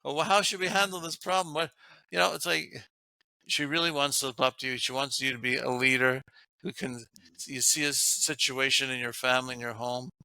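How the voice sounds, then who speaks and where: A man's voice: medium pitch, fairly even intonation, fairly quick, creaky, sharp tone, dry recording. A man, a guest author, talking earnestly about relationships and laughing often as he makes his points. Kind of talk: casual interview talk.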